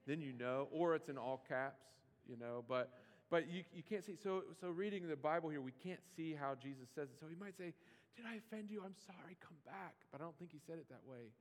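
A man with a fairly high voice preaching to his congregation, loose and conversational, slipping into playful mock pleading now and then. His voice carries a long reverb from a large church hall. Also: fairly quick, few pauses. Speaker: pastor. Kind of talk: sermon.

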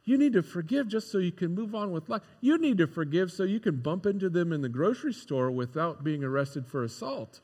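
Guy preaching a chatty sermon, kinda high voice, acts out little voices, big hall echo. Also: fairly quick, few pauses. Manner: conversational, animated, acts out quoted voices. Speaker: pastor. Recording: long hall reverb.

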